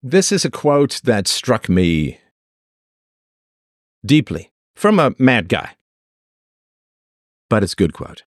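A man's voice: mid-range voice, sing-song, takes it slowly, long pauses, no echo, studio quality. A man hosting a livestream, delivering an opinionated monologue to his chat in a sarcastic, mocking way. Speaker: livestream host.

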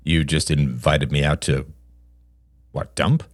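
A man voicing a blunt, cynical middle-aged father who talks gruffly and mocks his son. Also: rumbling low, steady tone, slow pace, dry recording, clean studio sound, exaggerated voice. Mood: scornful. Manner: gruff, mocking, laughs harshly.

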